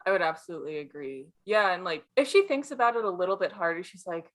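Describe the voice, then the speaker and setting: Wry young woman with a lower voice. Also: expressive, fast, hardly any pauses, a bit bright. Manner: analytical, wry, quotes characters. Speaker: podcast co-host. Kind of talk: casual book discussion.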